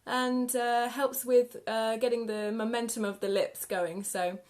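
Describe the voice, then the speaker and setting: A woman singing teacher guiding a live vocal warm-up lesson with gentle, encouraging instructions. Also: a little high, flat delivery, measured pace. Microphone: live video stream.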